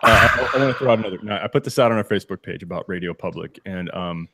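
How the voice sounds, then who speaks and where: A man's voice: low-pitched, racing, noisy background. A man co-hosting a sports podcast from a home studio, chatting casually and rambling through restarts and laughing asides. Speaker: podcast co-host.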